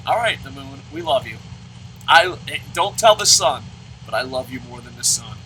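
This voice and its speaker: A man's voice: medium pitch, expressive, normal speed, bright, forceful tone, a little hiss or hum, rough recording. A man hosting a let's play, commenting on a baseball game and answering viewer comments in a profane, ranting way.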